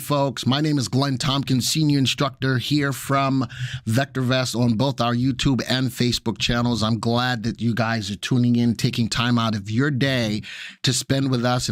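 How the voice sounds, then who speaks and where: Middle-aged New man, casual stream host, friendly banter, mid-pitched voice, dry close sound. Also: no room sound. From Brooklyn, New York. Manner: chatty, greets viewers by name, jokey asides. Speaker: livestream host and market instructor. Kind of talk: casual live-stream chat.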